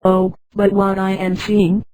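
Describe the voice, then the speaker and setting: A courteous restaurant waiter looks after his only guest and calls him sir, with the lines read by a synthetic woman's voice. The voice is mellow and fairly high, recorded close and dry. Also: monotone, slow, no echo, rough recording.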